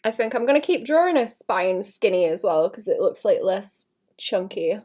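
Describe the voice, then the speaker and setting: A young woman chatting casually to her stream as she draws, muttering to herself and often clearing her throat. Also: medium pitch, animated, moderate pace, warm tone. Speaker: artist livestreaming. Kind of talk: casual streaming chat while drawing.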